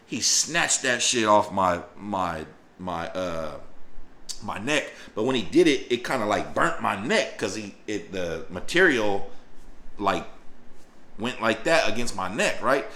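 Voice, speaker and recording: A man telling a personal story in a casual, profane, animated way, acting out voices and sound effects. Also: medium pitch, roomy sound. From northern Louisiana.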